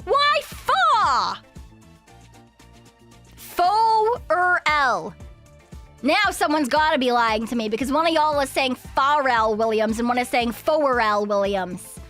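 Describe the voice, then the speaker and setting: High, bright young woman streamer, giggly. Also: moderate pace, faint music behind. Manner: giggly, swears a lot, rambling and playful. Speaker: VTuber streamer. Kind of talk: casual live-stream chat.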